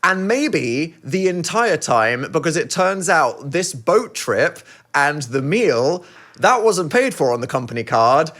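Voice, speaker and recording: Dry, teasing podcast host. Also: male voice, on the high side, very animated, takes it slowly, fairly bright tone. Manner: dry, teasing, self-deprecating. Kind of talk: casual storytelling chat.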